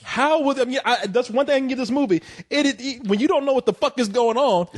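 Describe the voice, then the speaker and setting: A man's voice: extremely high pitch, fast. A man reviewing a film in casual chat, laughing often and stumbling over false starts. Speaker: movie reviewer.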